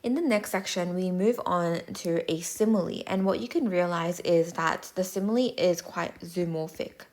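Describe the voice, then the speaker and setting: A woman tutor giving a measured, clear, step-by-step explanatory voice-over lesson. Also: on the low side, a little mellow.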